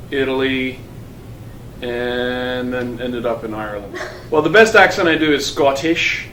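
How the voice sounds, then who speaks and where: A man's voice: medium pitch, a bit bright. A man in his thirties chats about himself in a loose, casual way, now and then stopping and restarting. He sounds set back from the mic in an echoing space, with a faint hiss behind him. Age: 30s. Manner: casual, chatty, with halting restarts. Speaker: teacher. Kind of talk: interview about his career. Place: school building. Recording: roomy and distant with faint noise.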